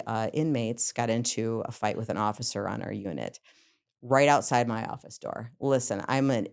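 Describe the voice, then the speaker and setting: In a podcast interview, a middle-aged psychotherapist tells stories from her career, a lively storyteller who acts out scenes and laughs often. Her voice is a smooth, rumbling low.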